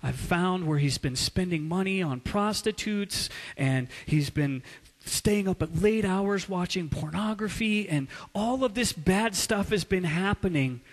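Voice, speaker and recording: A man's voice: high-pitched, animated, measured pace, hardly any pauses, pitched above the performer's own voice, full character voice. A man voicing an upset wife who confides that her husband has been unfaithful. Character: distressed betrayed wife. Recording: long hall reverb.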